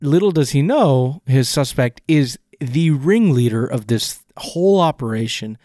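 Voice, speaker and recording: A man's voice: mid-range voice, lively intonation, a little slow, dark tone, no echo, studio quality. A man co-hosting a casual podcast, picking apart a film scene with enthusiastic, rambling analysis and frequent restarts. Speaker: podcast co-host.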